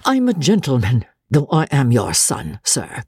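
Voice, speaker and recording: A woman's voice: very deep voice, big pitch swings, normal speed, warm tone, husky, no room sound, clean studio sound, heavily acted. A woman reading an audiobook, voicing a bold young army captain who speaks fiercely and haughtily. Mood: haughty.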